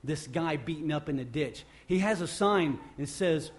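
A male pastor preaching a sermon off the cuff, swinging from loud emphatic bursts to quiet low passages and often restarting his phrases. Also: normal speed. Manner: repeats and restarts phrases while speaking off the cuff.

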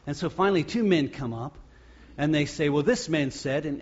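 A man preaching a sermon as pastor, acting out the crowd's shouts and the quoted words. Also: on the high side, fairly quick, husky, dull audio.

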